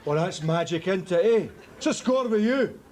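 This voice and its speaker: A gruff Scottish heavy who demands money in a slightly raised voice. He is blunt and easily offended. Faint noise sits behind him. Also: high-pitched, lively intonation, normal speed, a little mellow. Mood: indignant. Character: touchy small-time heavy demanding money. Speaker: sketch comedy actor. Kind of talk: TV sketch comedy acting.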